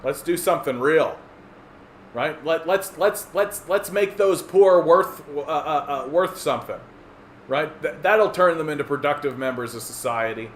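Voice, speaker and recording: A man ranting sarcastically and profanely in a political livestream monologue. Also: measured pace. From Canada. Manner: profane, sarcastic, mocks opponents in squeaky voices. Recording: echoey room with faint ambient noise.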